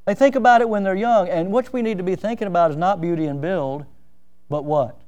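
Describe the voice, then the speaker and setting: Middle-aged male pastor, high clear voice, emphatic sermon delivery with self-deprecating humor. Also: steady tone, fairly quick, dark tone, dull audio. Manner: preaching with rising, emphatic outbursts.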